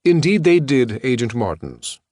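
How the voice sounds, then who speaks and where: A man's voice: medium pitch, big pitch swings, unhurried, darkish tone, dry recording, clean studio sound, voice pushed up. A man doing a purring, polished older lawyer. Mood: smooth. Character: smooth, charismatic older male lawyer.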